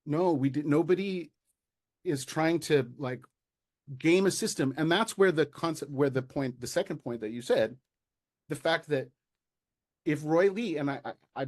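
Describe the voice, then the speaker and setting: An American man talking as a guest in a casual interview, animated and exasperated, with many restarts and fillers. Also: mid-range voice. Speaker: local party official, guest.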